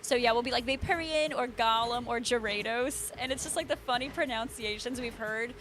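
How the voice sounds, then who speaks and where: High-voiced chatty woman streamer. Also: brisk, a bit bright, soft background music. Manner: chatty, laughs often, answers chat by name. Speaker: livestream host. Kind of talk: casual chat with live viewers.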